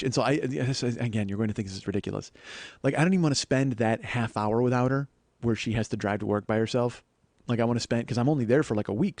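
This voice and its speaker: A man's voice: mid-range voice, a little mellow, no echo. A man in his forties hosting a podcast, telling stories in a rambling, self-deprecating and profane way. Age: 40s. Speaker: podcast host. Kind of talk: comedic storytelling monologue.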